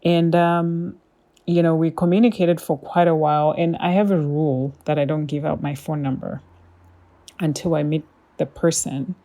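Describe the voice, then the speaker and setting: Casual woman podcaster, low and warm, rambling storytelling full of fillers. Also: flat delivery, normal speed. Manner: chatty, with many fillers and quoted asides. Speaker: podcast host.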